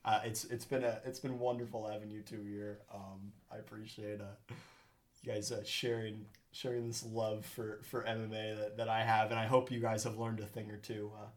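A man's voice: fairly low pitch, level tone, moderate pace. A man hosting a podcast in casual chat, chatty and rambling, laughing often. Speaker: podcast host.

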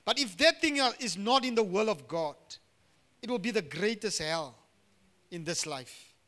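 Middle-aged male pastor with a very high, piercing voice, preaching with loud and hushed swings. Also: expressive, measured pace. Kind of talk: sermon.

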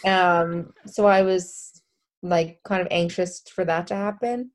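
A woman from the Southern United States chatting about a film in a relaxed, rambling way with many fillers. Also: fairly low pitch, slow pace. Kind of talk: casual film discussion.

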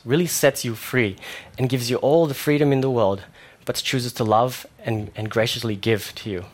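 A young man preaching a sermon in a conversational way, with fillers and animated stories. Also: mid-range voice.

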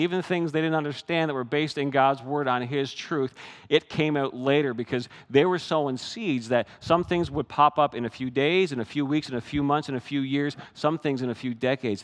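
A middle-aged pastor preaches in an easy, conversational way and slips into the voices of the people he quotes. His voice sits in a middle register. Long reverb from a big church hall trails after each phrase. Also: mid-range voice. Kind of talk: sermon.

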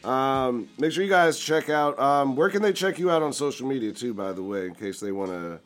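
A man's voice: mid-range voice, lively intonation, fairly quick, fairly bright tone, soft background music. A man hosting a casual chat show, laid-back and joking, often acting out little quotes. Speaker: host.

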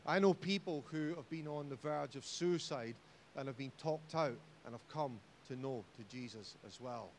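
A man with a Scottish accent preaching a sermon in church, jokey and animated, rising to loud exhortation. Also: mid-range voice, normal speed, a little hiss or hum. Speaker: pastor. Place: church hall.

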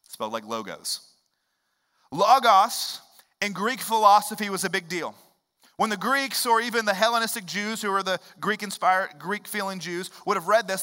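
A man in his thirties preaching a sermon in a church, swinging from loud emphatic bursts to low hushed lines. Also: in a large hall. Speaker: pastor. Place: church sanctuary.

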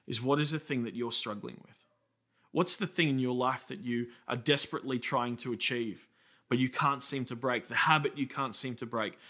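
An Australian man in his thirties preaching a sermon as a pastor, telling stories in a conversational way with quick asides. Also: medium pitch, pushed and bright.

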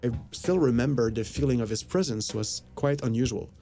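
A man recounts a personal story in a loose, rambling way, filling it with fillers and acted-out bits of dialogue. His voice is gravelly and mellow, sitting at an ordinary pitch. Faint music plays underneath. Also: a little fast. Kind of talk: casual anecdote. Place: Los Angeles area.

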